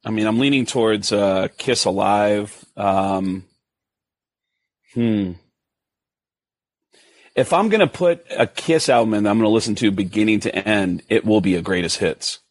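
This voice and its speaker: A man, a comedian, telling stories in an animated way and jumping high when he quotes himself. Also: a little slow, pauses often, no room sound. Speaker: guest comedian. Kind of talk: casual storytelling.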